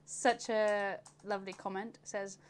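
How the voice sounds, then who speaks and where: A woman's voice: medium pitch, level tone, a little slow, clean tone. A young woman co-hosting a casual livestream, bubbly and laughing often as she talks. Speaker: co-host of motorcycle channel.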